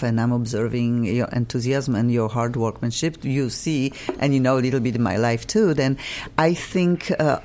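A woman's voice: rumbling low, darkish tone. Polish-accented woman hosting with enthusiasm. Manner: halting, non-native phrasing, enthusiastic. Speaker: host. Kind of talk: casual interview hosting.

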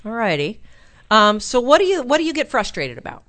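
Woman radio advice host, lively swooping pitch, chatty and animated. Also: fairly quick. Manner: chatty and animated, laughs at own jokes. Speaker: radio call-in show host. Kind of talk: casual call-in advice talk.

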